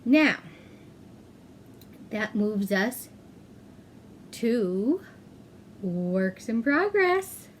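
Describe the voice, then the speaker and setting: Slow-talking chatty woman knitting host. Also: a little high, very animated, a little hiss or hum. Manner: chatty, self-correcting, frequent "um". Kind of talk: casual chat.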